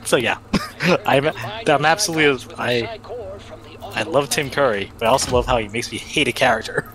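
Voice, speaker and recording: A man's voice: mid-range voice, moderate pace, crowd noise, poor audio. A man rambling casually as co-commentator on a game stream, often restarting his sentences. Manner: rambling, self-correcting. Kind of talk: casual let's-play chat.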